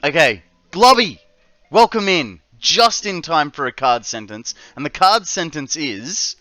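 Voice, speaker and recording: Australian accent, male, game streamer, jokey and chatty, slightly high voice, crisp bright tone. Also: very animated, a little slow, no echo, faint music behind. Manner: jokey, chatty, many fillers. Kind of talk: casual live-stream chat.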